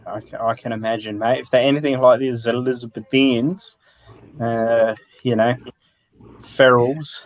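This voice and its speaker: A man's voice: mid-range voice, fairly even intonation, unhurried, no echo, low-quality recording. A man from South Australia with an Australian accent, co-hosting a casual livestream chat and bantering jokingly. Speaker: co-host.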